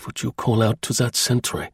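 A man voicing a cool, daring male British spy who talks low and earnestly. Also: normal speed, vocal fry, breathy edge, no room sound, studio quality. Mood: probing.

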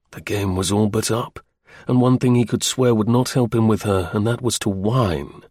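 Man reading aloud, low voice, dry close sound, measured storytelling. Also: darkish tone, dry recording. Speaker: audiobook narrator. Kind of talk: scripted narration.

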